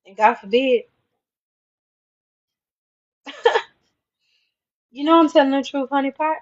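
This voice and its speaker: Woman w a high voice ranting to the camera, keeps repeating herself, muffled lo-fi sound. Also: slow. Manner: repetitive, emphatic, talks straight to the viewer. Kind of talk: casual rant to camera.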